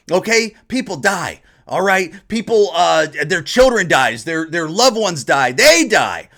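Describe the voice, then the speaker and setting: Man, podcast host, high lively voice, combative repetitive rant. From Ohio. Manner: mocks others in put-on voices. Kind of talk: opinion podcast monologue.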